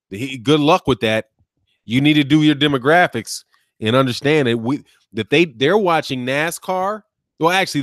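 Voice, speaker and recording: A man with a Midwest American accent hosts a boxing channel live stream, reacting to chat in an animated, mocking way, laughing often and tossing in "man" and "dog.". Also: mid-range voice, no room sound, clean studio sound.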